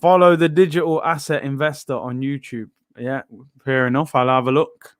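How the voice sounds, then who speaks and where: Guy hosting a footy watchalong, slangy chat, smooth clear voice. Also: medium pitch, little pitch movement, normal speed, no echo, studio quality. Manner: casual, slangy, reads chat aloud. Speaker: football watchalong host. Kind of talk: live match watchalong chat.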